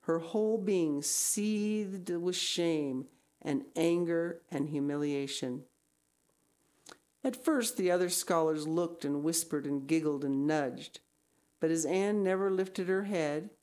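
A woman reading a novel aloud in a measured storytelling manner with expressive emphasis. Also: low-pitched. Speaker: reader.

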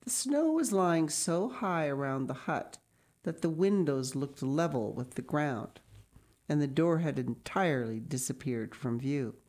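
A woman reading a children's book aloud, pausing now and then for chatty asides. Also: sits low, expressive, a little mellow. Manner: reads slowly, stops to comment and cough. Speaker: reader.

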